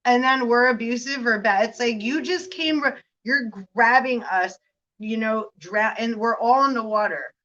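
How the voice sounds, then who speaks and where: A woman's voice: on the high side, normal speed, a bit bright. Rambling woman, dull lo-fi sound. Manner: rambling, laughs often, swears, keeps asking "right?". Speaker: spiritual reader. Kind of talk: casual spiritual vlog talk.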